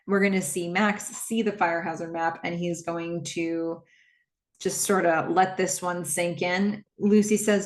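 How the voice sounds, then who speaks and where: A woman recapping a horror film in a chatty, present-tense retelling with asides and restarts. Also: mid-range voice. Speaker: movie recap vlogger. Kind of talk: casual movie recap.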